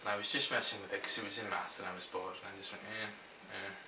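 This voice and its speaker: A man's voice: low-pitched, fairly even intonation, rapid-fire, background noise. A young man chatting casually to camera, answering question prompts and rambling through stories with restarts. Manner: rambling, storytelling, self-interrupting. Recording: echoey room, mic at a distance.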